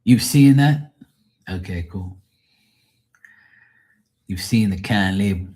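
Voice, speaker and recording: Low-voiced, profane man rambling on a live stream. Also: slow, warm tone. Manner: profane, rambling, laughs often. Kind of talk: casual live-stream chat.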